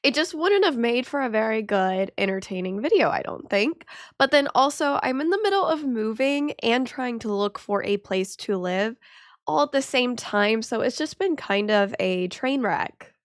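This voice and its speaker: A woman's voice: on the high side, animated, normal speed, dry recording, studio quality. A young woman hosting a reaction channel, talking casually to her viewers, her voice congested from a cold, rambling with many fillers. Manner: chatty, rambling with many ums and likes. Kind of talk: casual chat to camera.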